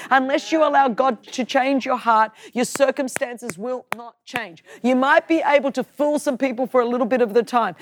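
A woman preaching a sermon in an emphatic way, building to forceful peaks. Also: sits high, dry recording. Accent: Australian.

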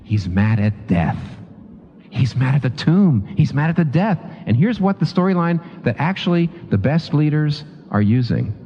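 Animated preacher in a reverberant hall. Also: male voice, moderate pace, a little hiss or hum. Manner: lively, emphatic preaching with rising pitch on key points; conversational, with restarts and asides. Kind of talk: sermon. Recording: dull lo-fi sound with long hall reverb.

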